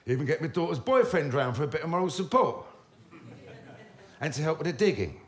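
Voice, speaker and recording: A man, telling comic stories about his own life in a wry, swearing, animated manner. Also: on the high side, brisk. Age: 50s. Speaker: storyteller. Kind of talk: comic autobiographical storytelling.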